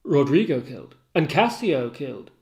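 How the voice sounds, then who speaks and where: A man reading the part of a tormented, jealous general, declaiming verse and swinging between hushed and loud lines. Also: on the high side, very animated, moderate pace. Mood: anguished. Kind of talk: dramatic reading of a play.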